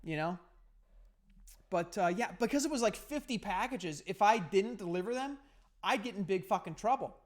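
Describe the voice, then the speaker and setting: A man's voice: high voice, expressive, normal speed. A man hosting a podcast, telling a story in casual, profane, heated rambling. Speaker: podcast host.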